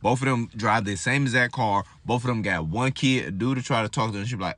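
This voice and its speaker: A man's voice: medium pitch, fast talker, a bit bright, dry recording. A man giving blunt, lecturing opinion commentary.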